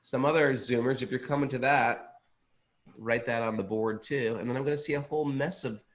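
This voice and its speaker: A man's voice: medium pitch, fairly even intonation, fairly quick. An enthusiastic man, a podcast co-host chatting casually and rambling over his own words. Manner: enthusiastic, rambling, self-interrupting. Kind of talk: casual chat.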